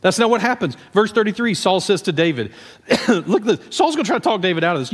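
A man preaching a sermon, telling the story in a conversational, animated way with asides to the congregation. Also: high voice, quick pace, long reverb tail. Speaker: pastor.

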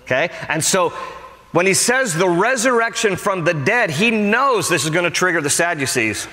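A man preaching a sermon as pastor, animated and storytelling, acting out the voices of people he quotes. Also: sits high, normal speed, big-room sound.

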